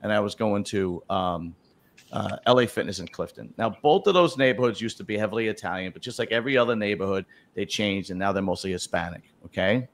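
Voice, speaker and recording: A man's voice: on the low side, fast. A man hosting a casual chat, talking bluntly and profanely, rambling with many restarts. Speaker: host.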